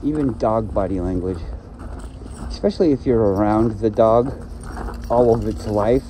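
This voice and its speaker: A man's voice: on the low side, normal speed, mellow, slight background noise, low-quality recording. A man ranting to himself in a rambling solo vlog, swearing often and complaining. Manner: profane, complaining, talks to himself. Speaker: vlogger.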